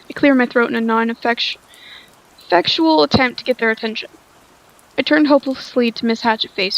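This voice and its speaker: A woman's voice: fairly high pitch, vocal fry, muffled recording. A woman reading a story aloud, sounding tired, stumbling over lines and rereading them. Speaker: story reader.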